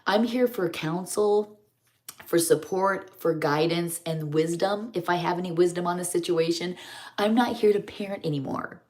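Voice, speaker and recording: A woman's voice: fairly low pitch, moderate pace, a little mellow. Chatty middle-aged woman, homey. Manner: rambling, homey, chatty storytelling. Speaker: vlogger doing a live stream. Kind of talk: casual chat while doing makeup.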